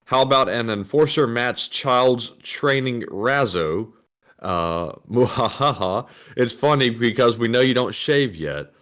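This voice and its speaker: A man's voice: mid-range voice, a bit bright. A man co-hosting a livestream, reading out donation messages in a plain, matter-of-fact way.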